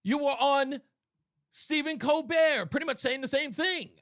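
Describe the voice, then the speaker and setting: Sarcastic, bright-voiced male radio host. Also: very high-pitched, a little slow, dry recording, clean studio sound. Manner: sarcastic, mocking, emphatic. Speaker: radio talk show host. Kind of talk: political talk radio commentary.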